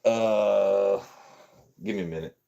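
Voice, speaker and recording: A man from Southern Maryland hosting a casual livestream, talking to his chat and letting his voice drop deep and blunt. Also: slow, gravelly, warm tone, lo-fi sound. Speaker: livestream host.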